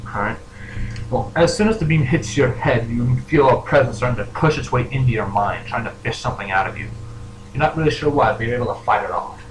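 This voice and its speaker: A man's voice: mid-range voice, fast. A man narrating as game master, hesitant and full of fillers. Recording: echoey room with noise, poor audio.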